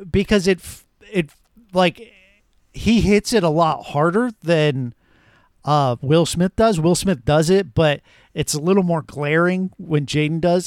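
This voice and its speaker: Brief: male podcast co-host, measured and explanatory, a bit high-pitched, dry close mic. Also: no room sound. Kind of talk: casual chat.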